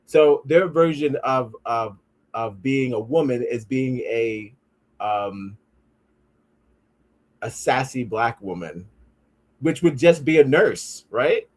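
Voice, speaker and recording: A man's voice: mid-range voice, slow, pauses often. Profane man riffing as a podcast host. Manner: profane, riffing, reading comments aloud. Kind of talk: casual comedic commentary.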